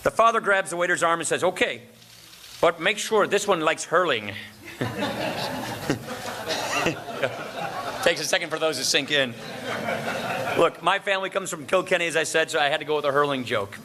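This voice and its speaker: A man's voice: on the high side, lively intonation, normal speed, long pauses, a crowd in the background, background noise. A man from Wisconsin giving a formal lunch speech, cracking jokes and chuckling at his own punchlines. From Wisconsin, USA. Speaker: speaker at a political luncheon.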